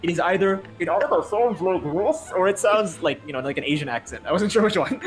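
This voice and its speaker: High-voiced goofy gamer guy. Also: expressive, brisk. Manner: goofy, laughing often. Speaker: gaming video co-host. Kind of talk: casual chat during a game playthrough. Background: game music.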